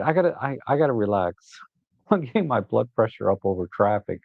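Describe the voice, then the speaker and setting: A man's voice: medium pitch, a little fast, gravelly, dry recording. Man, photography host, casual rambling livestream chat, easily exasperated, narrow phone-like sound. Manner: chatty and rambling, with frequent "uh" and repeated starts; gets animated and exasperated when griping, with laughs. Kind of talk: casual livestream talk about his photos.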